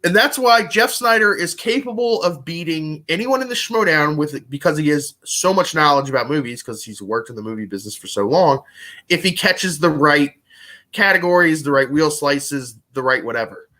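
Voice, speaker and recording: A man's voice: a little high, expressive, moderate pace, pushed and bright. A young man co-hosting a live podcast, chatting casually and rambling with lots of "like". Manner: rambling, heavy use of "like". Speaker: podcast co-host. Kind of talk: casual chat about a trivia competition.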